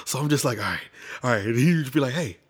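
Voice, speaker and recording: A man's voice: medium pitch, very fast, slightly rough. A man in casual chat, telling a story with energy and acting out what people said. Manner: animated storyteller who acts out quotes.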